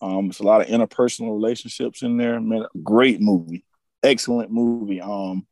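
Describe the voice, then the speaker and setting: A man co-hosting a casual podcast chat, an animated storyteller who laughs often and acts out movie lines. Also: lowish voice, moderate pace, no echo. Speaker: podcast co-host.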